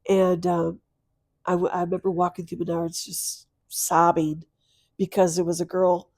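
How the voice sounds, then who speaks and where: Speaking as a podcast guest, a middle-aged woman tells an emotional personal story of loss with tearful earnestness. Her voice sits on the low side, dark and mellow at a moderate pace, and though the delivery is flat, it drops to near whispers and swells into loud, emphatic bursts. The sound is close and dry.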